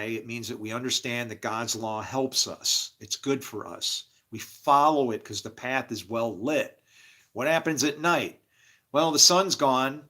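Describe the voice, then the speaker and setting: A man rambles through a religious monologue, moving between quiet mumbling and shouting while laughing to himself.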